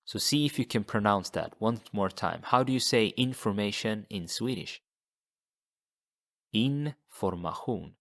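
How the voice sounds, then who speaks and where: A man teaching a language lesson, patiently repeating model words slowly for learners to copy. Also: fairly low pitch, creaky, a bit bright. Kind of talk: slow, deliberate language lesson.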